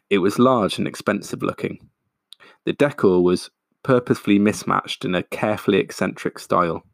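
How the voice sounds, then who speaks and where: A man, a podcast host, reading his own short story in a calm, steady way. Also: deep voice, vocal fry, no echo, studio quality.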